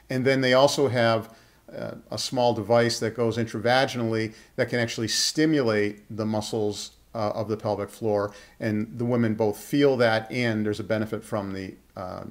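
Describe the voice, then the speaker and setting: Hesitant, measured man answering questions. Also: mid-range voice. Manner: measured, hesitant, many fillers. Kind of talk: casual Q&A interview.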